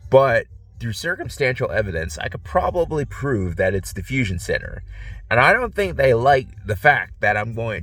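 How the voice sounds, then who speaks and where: This vlogger's voice sits on the low side with a fairly bright tone and no room sound. He sounds congested and sleepy, wandering through a crude, offhand monologue full of false starts and filler words, captured on a phone outside.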